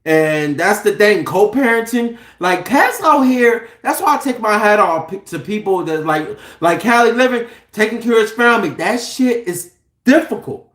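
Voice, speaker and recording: A man in his thirties hosting a casual livestream, animated, joking and profane. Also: high voice, normal speed, echoey room. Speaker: livestream host.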